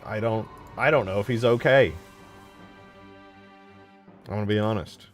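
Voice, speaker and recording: Low-voiced rambling young male streamer. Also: a little slow, faint music behind. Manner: rambling, profane, slangy. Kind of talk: casual live-stream commentary while modding.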